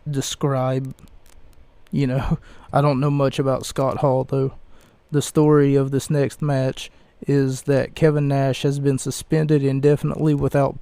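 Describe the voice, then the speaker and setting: A young man hosts his own podcast reviewing wrestling events, rambling casually in a mellow, low-key voice that stays slow and even. He hesitates, uses lots of fillers and keeps correcting himself. The audio is dry, close and smooth with no echo.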